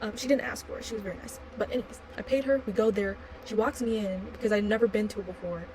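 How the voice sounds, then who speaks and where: A woman's voice: mid-range voice, fast, a little mellow, a little hiss or hum, low-quality recording. A young adult woman vlogger telling a story in a rambling, casual way, full of fillers like "like" and blunt swearing.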